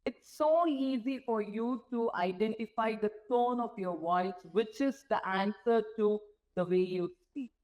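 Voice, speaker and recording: A woman's voice: a little high, unhurried, muffled recording. A woman giving an interactive motivational talk to nurses from a stage, often asking the audience questions. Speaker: guest speaker. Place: symposium stage before an audience.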